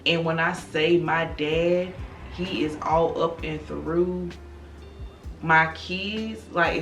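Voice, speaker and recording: Slow, low-voiced grieving woman. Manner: slow, soft-spoken, confiding, calls listeners girl and y'all. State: grieving, subdued. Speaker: vlogger. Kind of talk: personal direct-to-camera talk. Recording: roomy, distant from the mic, faint music.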